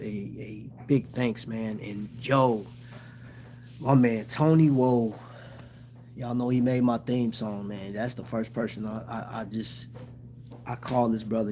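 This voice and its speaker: A man talks straight to his livestream viewers in a loose, heartfelt way, full of fillers and broken-off phrases. His voice sits at a middle pitch. Faint background noise runs under the talk. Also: a little mellow. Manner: halting, with many restarts and fillers; heartfelt and grateful. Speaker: channel host.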